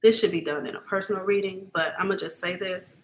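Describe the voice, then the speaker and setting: A woman's voice: lowish voice, fairly even intonation, quick pace. Earnest woman giving a live psychic reading. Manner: casual and emphatic, keeps checking in with "okay?"; emotional, earnest, at times near tears. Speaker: psychic reader. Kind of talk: live-stream psychic reading, talking to viewers.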